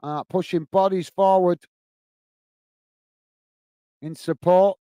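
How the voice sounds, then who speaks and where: Man, high voice, smooth clean tone, live match play-by-play, friendly chat with viewers, dry close sound. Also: steady tone, slow pace, warm tone, dry recording. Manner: friendly, chatty play-by-play, calls viewers mate. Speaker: host of a football watch-along stream.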